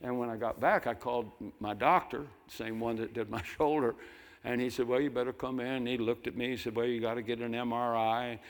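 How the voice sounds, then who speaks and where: An older man preaching a sermon, telling folksy stories and breaking into loud mimicking voices. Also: medium pitch, steady tone, fairly quick. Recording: long hall reverb.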